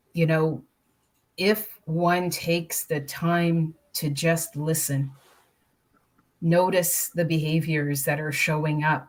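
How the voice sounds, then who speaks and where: Woman, panel guest: low-pitched, measured and reflective. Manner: thoughtful, measured, with rhetorical questions. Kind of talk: panel discussion.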